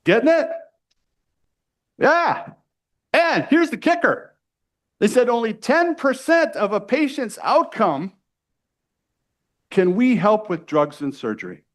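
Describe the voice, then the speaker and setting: A middle-aged man from the United States giving a live sales training to a room, energetic and pushy, often checking in with the audience. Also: extremely high pitch, slow, pauses often. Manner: energetic, salesy, keeps asking "right?".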